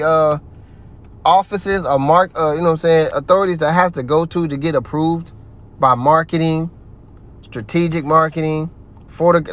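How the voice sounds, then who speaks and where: A man's voice: a little high, a bit bright. A man giving heated religious commentary, ranting in a profane, preachy way.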